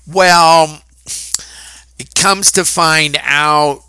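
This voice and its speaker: A man's voice: mid-range voice, measured pace, pushed and bright, smooth, dry recording. A middle-aged man, a real estate agent, casually telling a story with fillers and quoted dialogue. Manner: chatty anecdotal telling with fillers and acted quotes.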